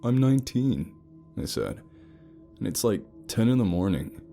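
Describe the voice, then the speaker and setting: A very deep, dark-toned man narrating a first-person horror story. He tells it wryly and with lively, expressive pitch, over faint background music. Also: measured pace, creaky. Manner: wry, sarcastic storytelling.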